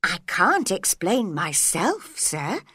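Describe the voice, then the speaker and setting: A woman's voice: fairly low pitch, huge pitch swings, slow, sharp tone, breathy edge, no room sound, studio quality, heavily acted. A woman voicing a polite, puzzled little girl in a storybook reading, earnest and courteous.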